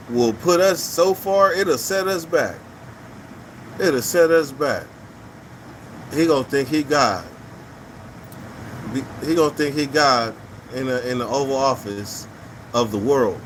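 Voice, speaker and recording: Guy on a livestream reading comments, blunt and cussing, mid-pitched voice, slight background hum. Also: a bit bright, rough recording. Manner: blunt, profane, repeats his points. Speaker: live show host reading viewer comments. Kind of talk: casual opinionated livestream talk.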